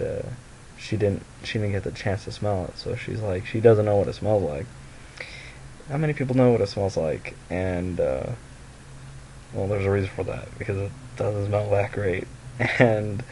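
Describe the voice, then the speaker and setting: Sleepy young male vlogger, low, dark and gravelly, rambling with fillers. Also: a little hiss or hum, poor audio. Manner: rambling, lots of fillers and restarts. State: tired, sleepy voice. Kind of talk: casual confessional vlog. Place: at home by a mirror.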